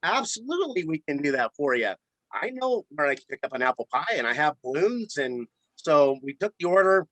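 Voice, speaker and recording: A man with a bright, forceful voice pitched a little high tells a story about his flower shop. He repeats words as he gets going, animated and chatty. The sound is close and dry. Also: brisk, no echo. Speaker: florist and shop owner. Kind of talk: casual storytelling in a podcast interview.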